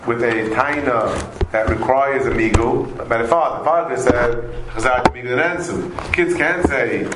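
A man teaching a Talmud class to students, animated and repetitive, mixing Aramaic and Hebrew terms into his English. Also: mid-range voice, normal speed. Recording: echoey room, faint noise.

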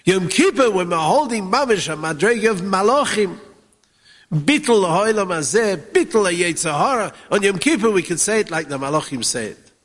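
A man with a Yeshivish English accent teaching Torah, chanting Hebrew verses in a sing-song that swings from hushed to soaring. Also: high voice, animated, moderate pace, big-room sound. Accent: Yeshivish English with Ashkenazi Hebrew pronunciation. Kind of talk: Yiddish-inflected Torah talk.

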